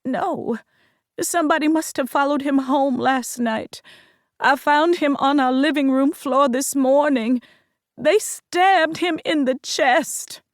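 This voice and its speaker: A tearful young wife, distraught and pleading, as a woman narrator voices her. Her voice sits higher than the narration and stays close and dry. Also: slow, dry recording.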